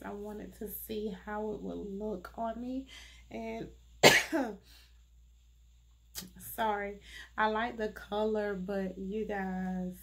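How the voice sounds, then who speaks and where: A woman hosting a casual wig review vlog, chatty and full of fillers, talking through a congested, sinus-blocked nose. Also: medium pitch. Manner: unhurried, chatty, many fillers. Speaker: wig reviewer, channel host.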